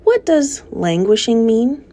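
A woman voicing a naive, excitable young male pig in a storybook reading, pitching up and sounding wide-eyed. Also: takes it slowly, exaggerated voice. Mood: eager.

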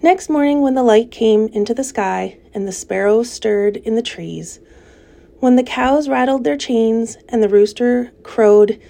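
A woman reading a children's novel aloud in a gentle, measured storytelling way. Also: fairly high pitch, gravelly. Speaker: audiobook reader.

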